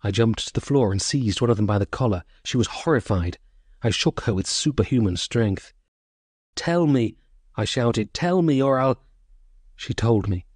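Man, audiobook narrator, low mellow voice, dry close recording, measured and sorrowful. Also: husky, dry recording.

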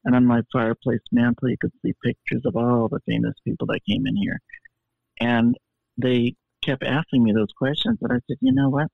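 A man's voice: mid-range voice, steady tone, moderate pace, vocal fry, no echo. A man telling stories as a podcast guest in a flamboyant, theatrical way, heard over a thin phone-like connection. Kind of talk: animated storytelling. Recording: tinny phone-like line.

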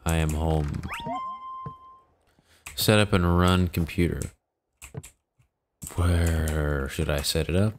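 A deep-voiced man talks slowly and lazily over his gameplay. He wisecracks at the characters and sighs over his run-down virtual home. Faint keyboard clicks sit under his voice. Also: steady tone, noisy background. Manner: joking, mock-exasperated, talks to game characters. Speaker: gaming YouTuber. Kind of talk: casual gameplay commentary.

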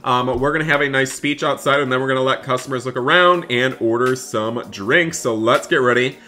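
A man doing upbeat game role-play commentary as a barista, excitable and talking to viewers as guys. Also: mid-range voice, a little fast. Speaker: gaming YouTuber playing a barista.

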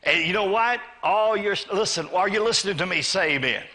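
A man's voice: sits high, lively intonation, brisk, sharp tone. A man preaching a sermon to a church congregation, calling for amens and acting out the voices of the people in his story. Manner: call-and-response preaching, asks congregation to say amen; acts out voices of a greedy man and of God. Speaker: pastor. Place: church sanctuary.

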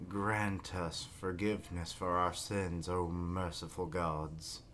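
A man voicing a pious summoner who murmurs prayers for his sins. The delivery stays deep and slow, solemn rather than showy. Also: level tone, fairly bright tone, a little hiss or hum. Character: pious male dragon summoner praying, solemn.

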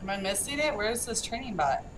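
A woman's voice: fairly high pitch, a little fast, a little hiss or hum. Chatty woman commenting on gameplay. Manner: chatty, reacting out loud with excited exclamations. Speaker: gamer playing a new game.

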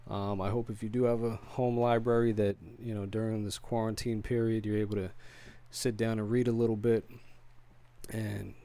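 Low-voiced man touring his library. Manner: relaxed, unhurried, with frequent ums and trailing pauses. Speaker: vlogger giving a home library tour. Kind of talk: casual home video tour. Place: home office lined with bookshelves.

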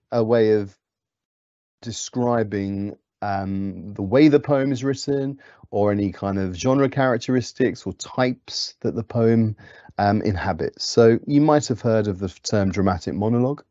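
British guy teaching a poem, lots of ums, warm lowish voice, kinda muffled dry recording. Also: expressive, unhurried, dry recording. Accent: British English. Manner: explanatory with frequent ums and restarts. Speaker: English teacher. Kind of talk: lecture.

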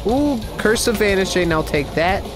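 A man's voice: sits high, animated, moderate pace. A man chatting easily while gaming, remarking on things he finds. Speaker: gamer. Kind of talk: casual gaming chat. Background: game music.

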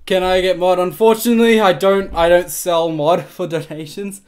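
A male livestreamer thanking donors on a live stream, stammering and swearing in disbelief, with sudden bursts of shouting. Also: high voice, fairly even intonation, moderate pace.

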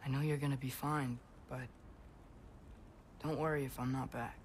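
A man voicing an earnest, brave teenage boy hero in a video game, speaking softly and sincerely. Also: medium pitch, fairly even intonation, normal speed, slight background noise, close to an everyday voice. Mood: tender. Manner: soft-spoken, sincere.

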